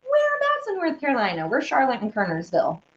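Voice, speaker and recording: A woman's voice: sits high, wildly swooping pitch, quick pace. A woman from Oklahoma with a Southern accent, a singer and host chatting casually with viewers between songs and answering their comments. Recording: lo-fi with ukulele playing. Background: ukulele music.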